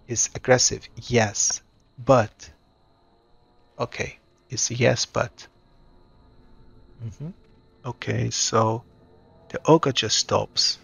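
Male solo game master, hesitant, bright and gravelly voice. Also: mid-range voice. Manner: thinks aloud, hesitant. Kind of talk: solo tabletop narration.

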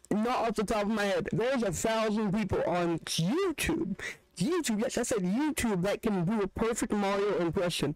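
A man's voice: sits high, a little mellow, dry recording, poor audio. A young man hosting a reaction video, joking and ranting in casual, rambling commentary. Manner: joking, rants with restarts.

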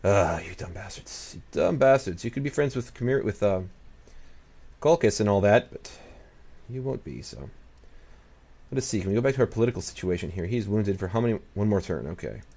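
A man's voice: fairly low pitch, lively intonation, fairly quick, pauses often, dark tone. A man giving casual let's-play commentary as he plays, muttering to himself, talking back to the game's nations and swearing now and then. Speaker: gaming channel host.

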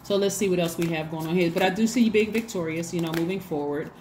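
A woman's voice: lowish voice, fast, darkish tone, slight background noise. A woman giving a casual tarot reading to her viewers, chatty and repetitive, often acting out little bits of dialogue. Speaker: tarot reader.

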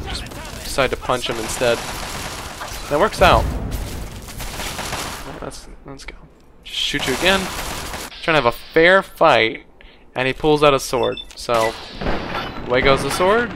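A man's voice: mid-range voice, lively intonation, unhurried, pauses often. A man casually commentating his game, wry and rambling, now and then mimicking the enemies in silly voices. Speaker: gameplay commentator. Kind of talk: casual let's play commentary. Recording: game audio noise behind voice. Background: gunfire and game sounds.

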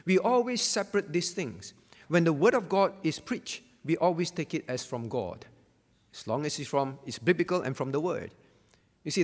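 A man with a high, lively voice teaches a Bible lesson from the pulpit. He is emphatic and repeats his key phrases for weight. His voice rings with the long reverb of a church hall. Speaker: pastor.

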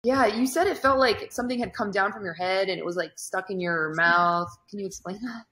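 A woman hosting a casual interview, calmly recounting events and reacting briefly to her guests. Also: mid-range voice, fairly quick. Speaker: host. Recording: roomy echo.

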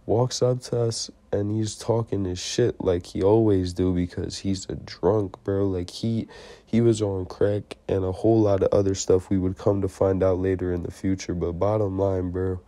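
A young man tells a personal story straight to his listeners in a casual storytime monologue. His voice sits low and dark, with a relaxed, mellow tone. The room sounds dry and close, and he gets heated when he acts out the shouting. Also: moderate pace, no echo. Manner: slangy, heated retelling with acted-out shouted quotes.

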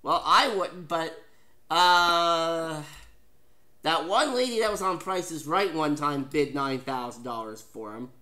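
Lively Canadian man hosting a game show. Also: fairly high pitch, slow pace. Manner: lively, chatty, jokey.

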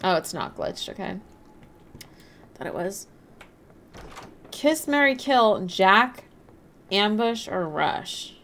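A woman's voice: medium pitch, sing-song, slow, long pauses, fairly bright tone, slight background noise. A woman live-streaming a game, chatting casually, rambling and reading out and answering her chat. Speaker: livestreamer.

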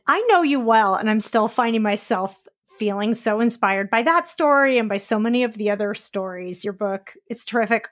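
A woman's voice: a little high, a bit bright. A woman podcast host praising her guest with enthusiasm. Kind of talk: podcast interview.

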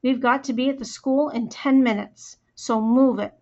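A woman voicing a stern middle-aged mother who speaks in low, curt, measured commands. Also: steady tone, darkish tone. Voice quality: low, firm danger tone. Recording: slightly muffled recording.

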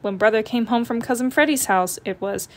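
A woman narrating a children's picture book read-aloud in a gentle, expressive storytelling manner. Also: fairly high pitch, fairly quick, slight background noise.

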